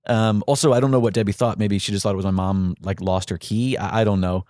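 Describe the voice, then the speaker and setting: A man hosting a podcast, speaking from the heart in a halting, grieving monologue full of fillers and restarts. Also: fairly low pitch, fairly even intonation, a little mellow, dry recording, clean studio sound. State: grieving, voice catching. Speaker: podcast host.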